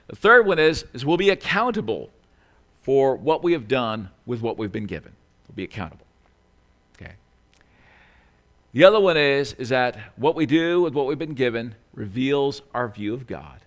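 A man preaching a sermon as pastor, talking in a conversational way with asides and self-corrections, sometimes acting out quoted lines in a small pleading voice. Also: medium pitch.

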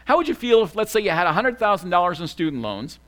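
A man preaching a sermon as a pastor, animated, swinging from loud excited bursts to quiet asides. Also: sits high, quick pace.

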